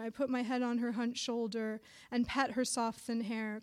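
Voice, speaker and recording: Young woman, writer, literary reading, fairly high voice, dry wry narration. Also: flat delivery, normal speed. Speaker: writer reading her story.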